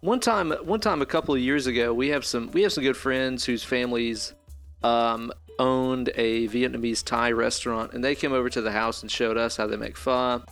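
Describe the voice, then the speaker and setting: Gravelly, cursing podcast host. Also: male voice, mid-range voice, fairly even intonation, normal speed, faint music behind. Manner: loud, profane, laughs easily, rambling. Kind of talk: casual chat.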